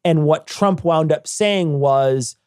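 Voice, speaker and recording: A man's voice: on the high side, slow, clean tone, dry recording, clean studio sound. A man co-hosting a podcast, chatting casually and jokingly about politics with lots of swearing. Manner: profane, joking, animated. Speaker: podcast co-host.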